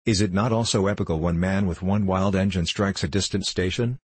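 A man's voice: low-pitched, fairly even intonation, brisk, slightly rough, dry recording. A man voicing a passionate young male poet in an audiobook reading, speaking in a declamatory way. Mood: declaiming. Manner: impassioned, declamatory.

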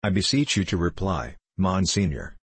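A man's voice: sits low, expressive, moderate pace, breathy edge, no echo. A man voicing a scheming older bishop and former musketeer who speaks in a formal, pleading, courtly way.

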